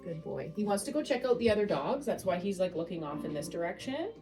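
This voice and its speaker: A woman dog trainer at home, calmly and patiently talking through a training session and softly praising the dog. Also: medium pitch, fast, over music, poor audio. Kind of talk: hands-on training demonstration. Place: home living room.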